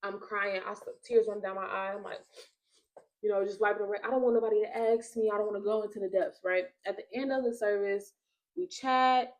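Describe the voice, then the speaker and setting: Woman host telling a lively story. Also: mid-range voice, brisk, poor audio. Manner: animated storyteller, acts out quotes. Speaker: podcast host. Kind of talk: casual storytelling chat.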